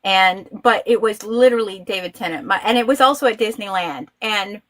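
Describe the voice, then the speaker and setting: Mid-pitched woman telling lively stories. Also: fairly quick. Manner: lively storyteller who acts out quoted voices. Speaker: guest. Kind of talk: casual chat.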